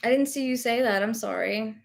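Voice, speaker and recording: A woman's voice: fairly high pitch, a little fast, creaky. A young woman with a light Southern US accent, chatting casually on a livestream, rambling and reading viewer comments while sick with Covid. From rural American South. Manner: chatty and rambling, many fillers and self-corrections. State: has Covid. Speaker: livestream host, reseller.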